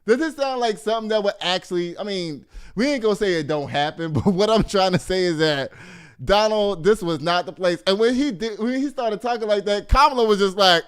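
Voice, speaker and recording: A man from Texas hosts a loose commentary show. His voice sits high and comes across smooth and clean. He talks in an animated, mocking way, swearing freely and laughing often. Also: fairly quick. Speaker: host. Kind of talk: casual commentary.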